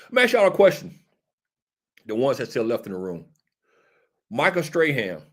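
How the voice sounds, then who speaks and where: A man's voice: medium pitch, wildly swooping pitch, normal speed, a bit bright. A man hosting casual political commentary, talking directly to a live audience and answering viewers. He is emphatic and repeats his points like a sermon. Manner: emphatic and repetitive, preachy. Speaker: talk show host.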